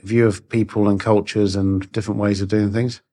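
Middle-aged male host, fairly low voice, conversational interviewer who chimes in with his own views. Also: level tone, a little fast, dark tone. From Britain. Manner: conversational, shares his own views while asking questions. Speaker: podcast host. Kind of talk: casual interview.

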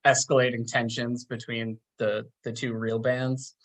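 Man, podcast co-host, slow-paced, casual, from Long Island, film recap. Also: level tone. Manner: laid-back, chatty, acts out characters' lines with big jumps in pitch. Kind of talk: casual chat.

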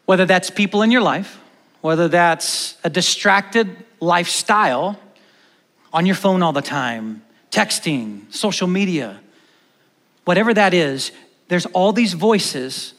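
High-voiced pastor preaching in a big hall. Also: male voice. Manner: animated, swings from loud to hushed and emphatic. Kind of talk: sermon. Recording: long church-hall reverb.

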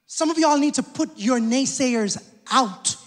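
A man's voice: extremely high pitch, measured pace. A male pastor preaching a sermon, emphatic and calling out to his congregation. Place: church hall. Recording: long church hall reverb.

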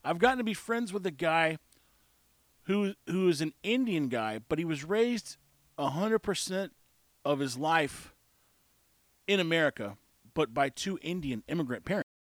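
A man's voice: a little high, lively intonation, normal speed, long pauses, no room sound. A man talking in a casual monologue, candid and emphatic in a conversational way.

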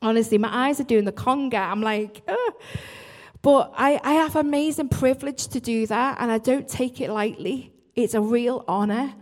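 A woman's voice: fairly high pitch, moderate pace. A woman worship leader, giving an earnest church talk with frequent asides and restarts. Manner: earnest, self-interrupting, apologetic asides.

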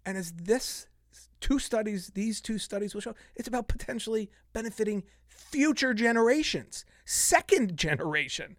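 A man's voice: sits high, animated, moderate pace, few pauses, fairly bright tone, dry recording, studio quality. A man in his fifties hosting a solo fitness podcast, talking passionately and getting worked up as he vents. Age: 50s. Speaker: podcast host.

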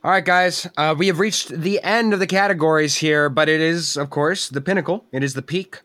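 A man's voice: fairly high pitch, brisk, a bit bright, no room sound. A man hosting a casual panel discussion, hesitant and restarting his sentences often. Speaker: host.

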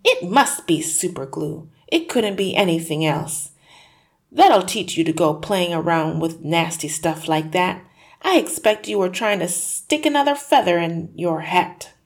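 A woman voicing a sharp-tongued mother who scolds and lectures. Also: on the low side, expressive, a little slow. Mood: scolding. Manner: bossy and scolding.

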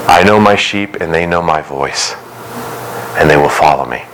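Male pastor, sermon, very low voice, earnest emphatic preaching, clear background noise. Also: moderate pace, a bit bright, low-quality recording. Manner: earnest preaching with shifting pace and emphatic rises.

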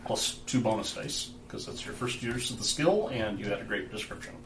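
Low-voiced game master, distant and roomy. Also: male voice, lively intonation, a little fast, background noise. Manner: loose, filler-heavy explaining. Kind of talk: running a tabletop game.

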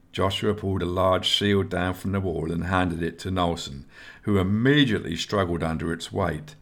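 Deep-voiced man narrating a story. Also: moderate pace, a bit bright. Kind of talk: audiobook narration.

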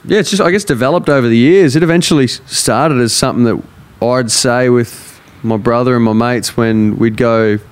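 A young man with an Australian accent, hosting a casual chat, animated and quick to laugh. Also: medium pitch, smooth. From far north Queensland, Australia. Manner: animated, laughs easily, acts out voices.

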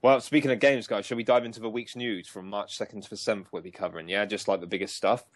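A man co-hosting a casual gaming podcast, chatty and loose, with lots of ums and quick laughs. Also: on the low side, fairly even intonation, no room sound. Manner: chatty, many ums and restarts, laughs easily. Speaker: podcast co-host.

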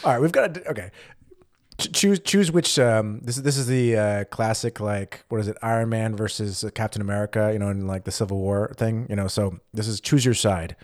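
A man's voice: lowish voice, a little fast. A man co-hosting a podcast in casual chat, rambling with many fillers and restarts. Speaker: podcast co-host.

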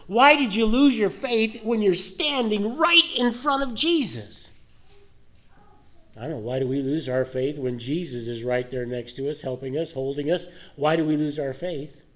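A man's voice: mid-range voice, warm tone. A male pastor giving a sermon in a conversational way, asking many rhetorical questions.

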